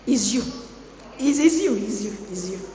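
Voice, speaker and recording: A woman with a fairly high voice preaches to a room of students, playful and teasing as she talks. Her words bounce around an echoey large hall with a long reverb tail. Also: animated, moderate pace, mellow, slight background noise. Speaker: guest speaker at a student boot camp. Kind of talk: lively motivational sermon.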